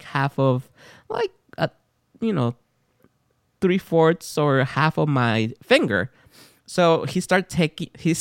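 Male podcast host, casual chat, very animated pitch, dry close sound, laughs a lot. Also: dry recording. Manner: animated storyteller, laughs often.

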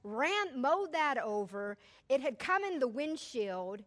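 Middle-aged woman, bright higher voice, lively storyteller addressing a congregation. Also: takes it slowly. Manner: animated, chatty, laughs often. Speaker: speaker to a church audience. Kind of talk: personal storytelling to an audience.

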